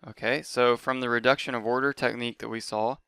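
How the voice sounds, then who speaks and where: A man with a bright, crisp and very clear voice, explaining a lesson step by step. He talks in a patient, methodical way, recorded close and dry with no room sound. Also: medium pitch, steady tone, fast, no room sound. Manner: methodical, talks through each step aloud. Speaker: math teacher. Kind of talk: lecture.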